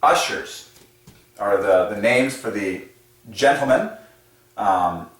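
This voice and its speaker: A man hosting a casual explanatory monologue in a playful, animated way, often chuckling at his own asides. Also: lowish voice, slow. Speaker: channel host presenting number patterns. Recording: echoey room, mic set at a distance.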